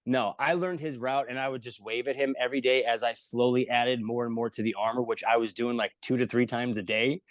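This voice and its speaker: A man of middle pitch tells his stories in a loose, jokey way and slips into the voices of the people he quotes. He swears casually as he goes. The recording is dry and close, with no room sound. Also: brisk, hardly any pauses, dry recording. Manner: animated, jokey storyteller who acts out the people he quotes, with frequent swearing. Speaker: comedian guest. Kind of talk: casual storytelling in an interview.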